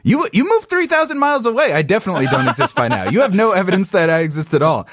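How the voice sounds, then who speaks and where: Man, podcast co-host, casual recap chat, animated and playful, video call, dry sound. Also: sits high, dry recording. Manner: animated, quick asides, playful quoted voices.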